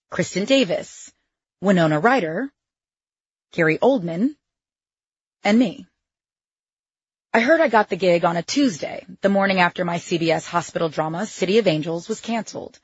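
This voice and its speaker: A woman's voice: lowish voice, slightly rough, no room sound, highs cut off. A woman reading her own memoir in the first person, with a wry, sardonic edge to her asides. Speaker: memoir narrator.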